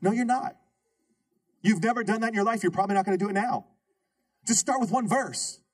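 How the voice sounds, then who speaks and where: A man preaching a lively sermon as pastor, calling out questions to his congregation. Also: high-pitched, fast, breathy edge. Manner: call-and-response preaching, rhetorical questions to the congregation. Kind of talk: energetic sermon. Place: church sanctuary.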